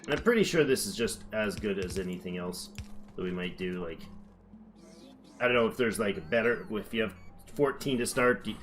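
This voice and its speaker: Animated and fairly quick, a man with a lowish voice streams gameplay with casual commentary. He chats and thinks aloud while building, sometimes dropping into playful accents.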